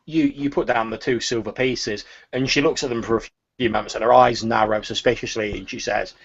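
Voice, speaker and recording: A man running a tabletop game as game master, narrating scenes in a halting, descriptive way. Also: mid-range voice, fairly even intonation, creaky, a bit bright, husky, dull audio.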